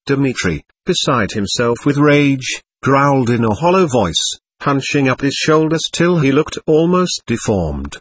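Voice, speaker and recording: Male narrator for a classic novel, husky voice, lively pitch, dry close sound. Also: measured pace, no room sound. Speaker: audiobook reader. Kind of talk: scripted narration.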